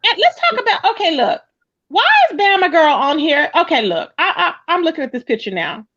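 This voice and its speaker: A woman hosting a livestream in brash, profane gossip chat, her voice jumping up high when outraged. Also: big pitch swings, brisk, fairly bright tone, muffled recording. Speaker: livestream host.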